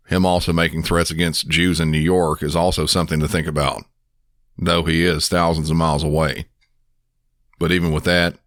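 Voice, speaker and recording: A man with a Southern American accent, a podcast host and dispatcher, narrating a case in a calm, measured way. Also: extremely low pitch, no echo, clean studio sound. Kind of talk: scripted narration.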